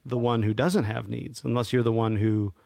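A man's voice: mid-range voice, steady tone, normal speed, vocal fry, darkish tone, dry recording, studio quality. A man in casual reflective conversation, hesitant and full of fillers and restarts.

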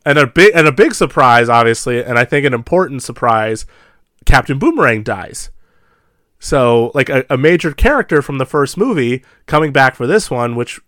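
Animated man chatting about a movie. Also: medium pitch, no echo, studio quality. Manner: animated, laughs often, acts out quotes. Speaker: podcast co-host. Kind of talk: casual movie discussion.

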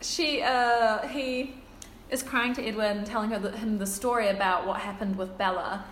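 A woman's voice: medium pitch, fairly even intonation, normal speed, a bit bright. A young woman on a casual podcast, rambling through a story with friends, swearing freely and acting out characters' lines. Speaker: podcast co-host retelling a story. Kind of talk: casual chat among friends. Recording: echoey room with faint noise.

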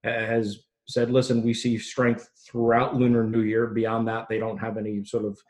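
Male analyst guest, low-ish voice, quick and unpolished, lots of "uh". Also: monotone, a little mellow, low-quality recording. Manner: fast, thinking aloud with many fillers and restarts. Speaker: freight industry analyst guest. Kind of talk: interview answers.

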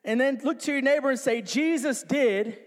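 A man preaching an energetic sermon in a small church, bouncing around and calling on the congregation to repeat after him. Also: extremely high pitch, fast talker, in a large hall. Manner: energetic, jumping about; call-and-response with congregation. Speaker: pastor. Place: small church with few people.

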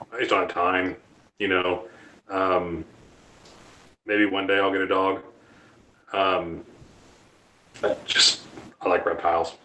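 A man's voice: low voice, sharp tone, poor audio. A man in his thirties, a reptile keeper and show guest, giving long, rambling and blunt explanations in a casual interview.

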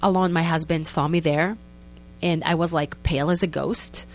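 A young woman, a guest telling a story in a lively, casual way and acting out what people said. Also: sits low, normal speed. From Israel. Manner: animated, acts out quotes in other voices, many "like" fillers.

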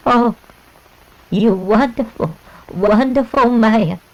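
A woman's voice: fairly high pitch, slow, darkish tone, lo-fi sound. A woman playing an adoring Southern woman on trial in a film scene, speaking in a swooning, melodramatic way.

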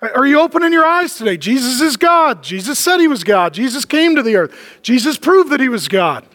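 A male pastor preaching a sermon, telling a joking story, then dropping low and slow for emphatic points. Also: sing-song, fairly bright tone, in a large hall. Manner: humorous storytelling, drops to low emphatic lines.

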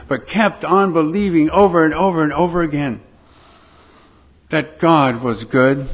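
A man preaching a sermon to his congregation, slow and emphatic, with dramatic pauses. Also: a little high, slightly rough. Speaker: pastor.

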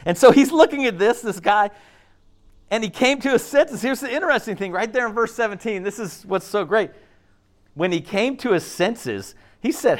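A man preaching a sermon in an animated, conversational way, often checking in with "okay?" and acting out voices. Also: high voice, moderate pace. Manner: acts out voices and laughs often. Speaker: pastor.

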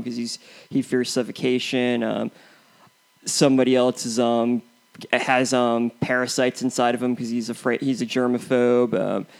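Rambling young man reviewing a film. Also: mid-range voice. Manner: rambling, hesitant, full of ums and restarts. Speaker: co-host of a movie review show. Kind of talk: casual film review chat.

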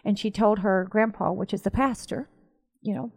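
A woman co-hosting a Christian talk show, telling a story in an animated, emphatic way. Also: mid-range voice, normal speed. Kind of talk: conversational faith talk.

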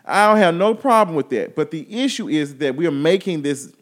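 Guy ranting hard on his podcast, kinda high voice, swearing nonstop. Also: expressive, brisk. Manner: loud, exasperated, heavy swearing. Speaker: podcast host. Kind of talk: profane comedic rant.

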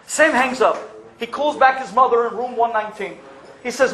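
A man telling a story on the radio in an animated way, swinging between hushed and loud. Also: very high-pitched, normal speed, a little hiss or hum. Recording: roomy echo with faint ambience.

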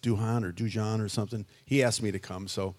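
A man's voice: on the low side, fairly even intonation, a little fast. A man in his sixties from Chicago, telling his life story as a guest in a casual interview, in a reflective, rambling way. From Chicago, USA. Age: 60s. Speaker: guest musician.

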